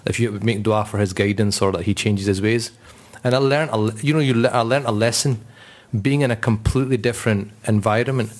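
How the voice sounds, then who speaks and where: Low-voiced man telling stories. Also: a little fast, hardly any pauses. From Britain. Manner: animated, acts out voices in stories. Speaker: Islamic scholar guest. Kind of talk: anecdotal storytelling.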